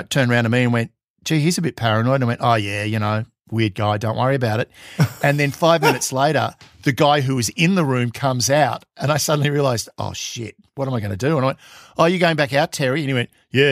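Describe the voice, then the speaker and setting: A man's voice: mid-range voice, dry recording, clean studio sound. A middle-aged Australian man, a podcast guest, telling self-mocking stories in casual chat and acting out the voices he quotes. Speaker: podcast guest, former intelligence officer.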